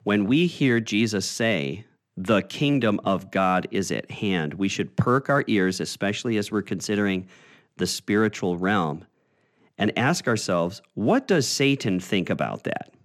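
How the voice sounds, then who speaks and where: A man teaching a Bible study in a conversational, explaining way, often pausing with "uh" and restarting phrases. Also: fairly low pitch, lively intonation.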